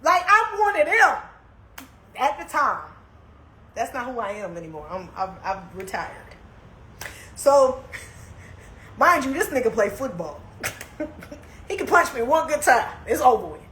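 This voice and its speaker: A young woman with a high, bright voice spins a casual, slangy story for her live viewers. Her delivery swings from calm asides to heated bursts. The sound rings in an echoey room, with faint noise underneath. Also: a little slow, long pauses. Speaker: live streamer.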